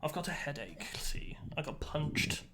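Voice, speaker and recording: A man voicing a grumpy, sleepy male prisoner with a put-on accent, speaking in a slow, grumbling drawl. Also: a little high, big pitch swings, whispered.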